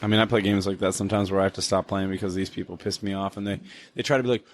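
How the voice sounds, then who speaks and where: A man's voice: low-pitched, level tone. A man on a podcast who chats casually, teases his co-host, and laughs often. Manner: teasing, laughs often, quick interjections. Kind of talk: casual chat.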